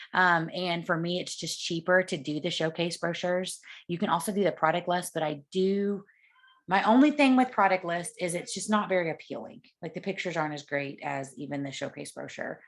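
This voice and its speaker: A woman giving sales tips in a casual coaching talk, chatty and acting out the conversations she quotes. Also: lowish voice. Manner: chatty, acts out quoted dialogue.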